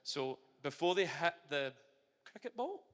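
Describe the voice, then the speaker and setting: A man's voice: on the high side, a little slow. A young Scottish man, a retired footballer, chatting animatedly in a casual interview at a live event. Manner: animated and chatty, with frequent restarts. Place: large hall at a live event. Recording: long hall reverb.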